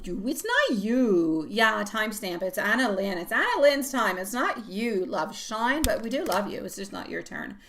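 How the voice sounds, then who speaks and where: A woman's voice: mid-range voice, fairly bright tone. Affectionate woman tarot reader. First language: French. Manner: affectionate, calls viewers sweetie and love. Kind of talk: casual live-stream chat. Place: at home.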